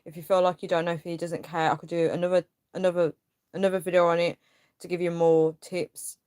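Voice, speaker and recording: A woman's voice: fairly low pitch, flat delivery, brisk, darkish tone, clear, resonant tone, dry recording, clean studio sound. Rambling young woman livestreaming. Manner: rambling, filler-heavy, frustrated venting. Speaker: livestream host. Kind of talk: casual livestream chat reading comments.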